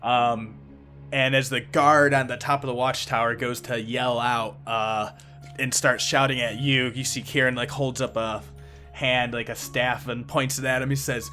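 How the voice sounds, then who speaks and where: Game master guy, bright voice, kinda halting narration, light music behind. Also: mid-range voice, flat delivery. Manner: casual, halting, many fillers.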